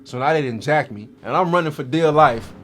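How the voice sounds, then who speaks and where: A man's voice: on the high side, brisk, fairly bright tone, slight background noise. Man telling a street story in slang. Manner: streetwise slang, vivid dramatic retelling. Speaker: guest storyteller. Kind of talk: first-person life story.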